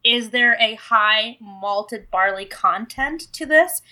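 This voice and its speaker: Chatty, bright-voiced woman whiskey fan. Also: on the high side, lively intonation, slow pace. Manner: chatty, inquisitive, laughs easily. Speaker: podcast co-host, whiskey enthusiast. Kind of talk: casual podcast chat.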